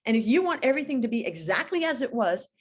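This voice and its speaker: A woman in her fifties, a business coach being interviewed, talking in an energetic, emphatic way and telling stories with feeling. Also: fairly high pitch, quick pace, husky. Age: 50s. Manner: energetic, emphatic, animated storytelling. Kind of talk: podcast interview.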